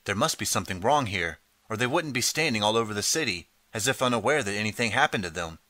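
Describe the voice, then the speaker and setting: A man's voice: lowish voice, animated, fast talker, sharp tone, no room sound. A man voicing a young time traveler who talks earnestly and pleads to be believed. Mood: thoughtful.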